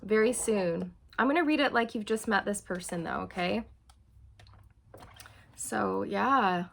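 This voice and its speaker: A woman with a voice of ordinary, middling pitch reads tarot for an unseen audience. She talks in an earnest, reassuring way and keeps checking in with "okay" and "you guys". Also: unhurried, creaky, fairly bright tone, slight background noise. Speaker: tarot reader. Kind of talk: channeled tarot reading to viewers.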